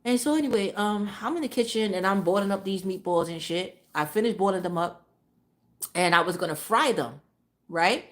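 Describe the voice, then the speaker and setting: A woman's voice: mid-range voice, moderate pace. A woman streamer telling a casual story, swearing freely and repeating phrases for emphasis. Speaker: live streamer.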